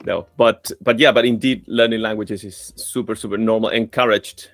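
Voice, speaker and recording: A man from Chile hosting an interview, speaking in an earnest, halting way full of fillers. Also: fairly low pitch, fairly even intonation, fairly bright tone, no echo, faint music behind. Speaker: host. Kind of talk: conversational interview.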